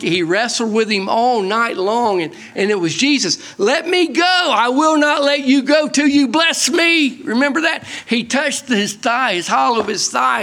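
A man teaching a Bible-study sermon in an animated, emphatic way, often asking his listeners questions. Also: sits high.

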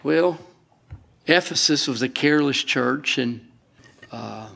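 Gravelly preacher, emphatic and folksy. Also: male voice, medium pitch, slow pace, sharp tone. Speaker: pastor. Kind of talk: sermon.

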